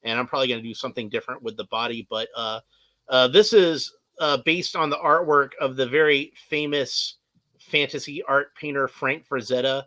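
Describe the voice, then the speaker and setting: A man's voice: medium pitch, normal speed, bright, forceful tone, dry recording. A man, chatting casually as a guest, rambling with many fillers and restarts and laughing often. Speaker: guest, artist and toy collector. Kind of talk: casual chat.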